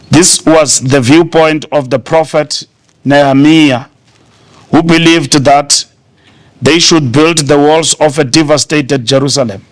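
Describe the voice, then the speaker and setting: A middle-aged man with a South African accent delivering a formal prepared speech at a conference, measured and stately, with deliberate pauses. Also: medium pitch. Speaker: party official giving a speech. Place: conference hall.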